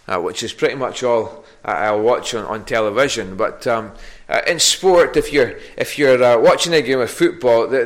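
A man preaching an evening sermon. He talks in a halting way, stopping for fillers and starting phrases over. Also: mid-range voice, fairly bright tone. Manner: halting, many fillers and restarts.

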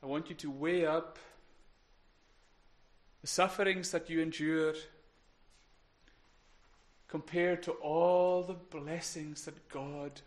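A man preaching a sermon in an earnest way, building to emphatic peaks and then dropping quiet. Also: a little high, fairly even intonation, takes it slowly, long pauses. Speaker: pastor.

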